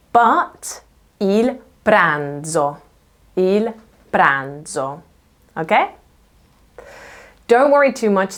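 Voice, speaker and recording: A woman teaching an online language lesson, patient and reassuring, saying example words slowly and repeating them. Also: medium pitch. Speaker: Italian teacher.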